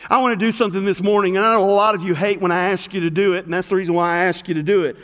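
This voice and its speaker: A middle-aged man preaching as pastor to a congregation in a church, swinging between loud calls and hushed words. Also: sits high, steady tone, racing. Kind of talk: sermon. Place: church sanctuary. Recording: long hall reverb.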